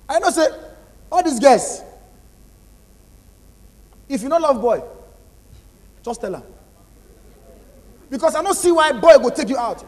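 A young Nigerian man performing animated stand-up comedy in pidgin. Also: very high-pitched. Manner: animated, acts out characters. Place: large hall, live audience. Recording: live hall reverb, faint noise.

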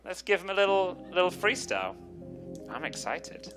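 High bright-voiced English comedian. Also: male voice, sing-song. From England. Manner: quick, teasing and self-mocking. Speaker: stand-up comedian. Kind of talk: crowd work and freestyle rap. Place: comedy club stage. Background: music under the rap.

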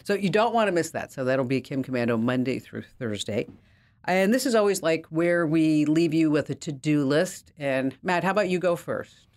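A woman hosting a tech podcast in a casual, animated storytelling manner. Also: low voice, normal speed. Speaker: host.

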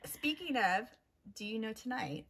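A woman's voice: on the high side, expressive, unhurried, a bit bright. An American woman co-hosting a casual chat, playful, laid-back and teasingly contrary. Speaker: podcast co-host.

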